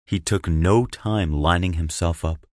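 A man narrating an erotic audio story with a slow, hushed, lingering delivery on a close mic. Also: sits low, no echo.

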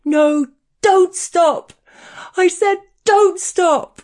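A woman voicing a desperate, aroused man who pleads in a shrill, frantic voice. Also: drawn-out words, a little mellow, full character voice.

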